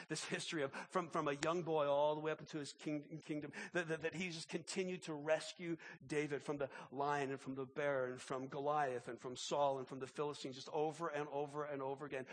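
A man preaching a sermon as pastor, impassioned and halting, often repeating words as he builds. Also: medium pitch.

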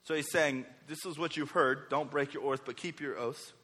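Young man, pastor, high bright voice, animated sermon, reverberant hall. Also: normal speed, husky. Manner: energetic, acts out quoted speakers with varying voices.

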